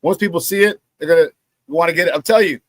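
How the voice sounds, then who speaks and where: A man's voice: fairly high pitch, quick pace, dry recording. A man hosting a casual sports talk show, plugging merchandise and telling stories while acting out the quotes. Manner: animated storyteller, acts out quotes.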